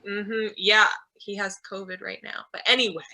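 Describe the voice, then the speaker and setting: A woman's voice: mid-range voice, level tone, moderate pace, bright, forceful tone. A young woman in her twenties speaking as a guest on a video call, candid and chatty with lots of "like". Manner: candid, chatty, says "like" often. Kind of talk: casual chat.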